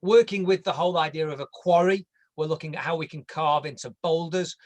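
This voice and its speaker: A man's voice: fairly high pitch, brisk, darkish tone. A man with an English accent presenting a landscape design online in a chatty, jokey way, sometimes tripping over his words.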